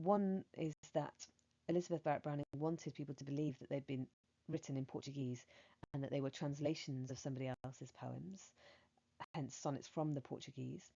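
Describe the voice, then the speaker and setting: A woman with a low, mellow voice giving a revision lesson as an English teacher. She explains in a measured way and reads verse aloud. The recording sounds slightly dull and lo-fi.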